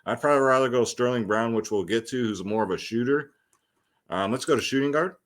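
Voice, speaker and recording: A man's voice: mid-range voice, a little fast. A young man hosting a fantasy sports picks show, talking loosely and slangily with lots of ums and side remarks. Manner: loose, slangy, chatty with many ums and asides. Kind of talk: casual slangy picks breakdown.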